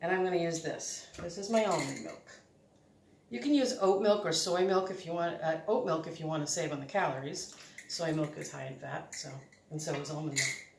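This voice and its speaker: A woman's voice: fairly low pitch, vocal fry, a little mellow. A woman hosting a casual home cooking demonstration, chatty and rambling, often correcting herself as she works. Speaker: home cook host. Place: home kitchen. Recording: echoey kitchen, faint noise.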